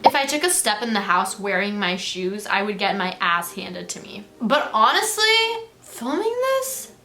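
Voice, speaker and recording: A young woman vlogging a comedy monologue, chatty and animated, acting out her parents' lines in a raised voice. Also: medium pitch, normal speed, roomy sound, a little hiss or hum. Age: young adult.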